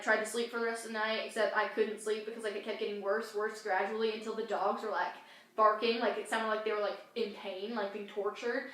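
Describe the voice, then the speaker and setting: A woman's voice: a little high, fairly bright tone. A woman co-hosting a vlog and telling a story in a put-on British accent, chatty and full of fillers. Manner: chatty, many "like" fillers, giggly. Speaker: co-host. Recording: very echoey room.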